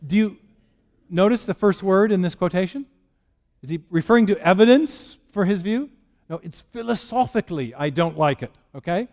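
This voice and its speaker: High-voiced man lecturing in a church. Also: expressive, normal speed, a little mellow. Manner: storytelling, with restarts and rhetorical questions. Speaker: speaker giving a church lecture. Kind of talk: lecture on science and faith. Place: church hall.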